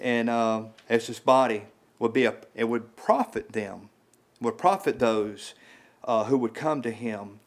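A man with a mid-range voice, a lay preacher, delivers an informal sermon in a small house church. Rising in pitch for emphasis, he halts often, repeats words, and fills pauses heavily.

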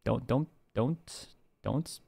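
A man's voice: medium pitch, very slow, gravelly, breathy edge, no echo. A man streaming casually to his viewers with a sore throat, rambling with many restarts. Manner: rambling, restarts, soft laughs.

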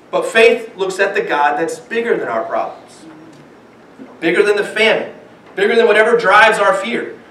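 A young or middle-aged pastor with young children preaches animatedly in a church sanctuary, acting out the voices of people in his stories. His voice is high-pitched and sharp-toned, recorded from far off in an echoey room.

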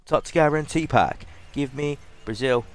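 A young British man giving excitable pack-opening commentary on a video game, swearing and repeating himself. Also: medium pitch, measured pace. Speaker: gaming YouTuber.

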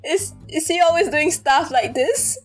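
A woman's voice: high-pitched, a little slow, faint music behind. A woman casually commentating a game she plays, giggling often and musing aloud as she reacts. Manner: puzzled, musing asides. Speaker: let's play commentator.

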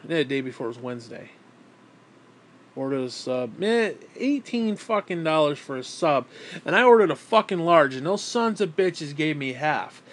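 A man's voice: on the high side, a little mellow. A man rambling casually on camera, swearing often and switching into baby talk with his pet. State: broke and frustrated. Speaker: vlogger.

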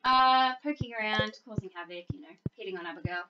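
A woman's voice: mid-range voice, fairly quick, muffled recording, crowd noise. A young Australian woman chatting playfully and jokily while playing a farming game with a friend. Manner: playful, giggly, jokey. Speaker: gaming co-host. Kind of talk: casual gameplay chat.

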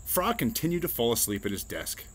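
Man reading a kids' picture book aloud, lively and expressive. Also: mid-range voice, brisk. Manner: expressive, storytelling. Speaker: reader.

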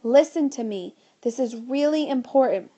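A woman's voice: sits high, normal speed, mellow. A woman reading as an urgent, pleading schoolboy. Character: excitable frightened schoolboy.

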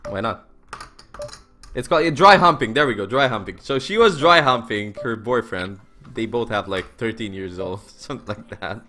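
With soft music in the background, a young man in his twenties speaks at a moderate pace in a fairly low voice. He's chatting on a poker live stream, laughing as he excitedly tells a casual story loaded with fillers and profanity.

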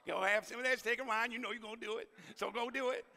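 A man putting on a nasal Southern schoolboy, high and wheedling, who fires off teasing questions at his teacher. His pushy, bright voice rings out with a long reverb from the hall. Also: steady tone, quick pace, vocal fry, exaggerated voice. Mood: cheerful. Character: nasal seventh-grade boy with thick Southern drawl.

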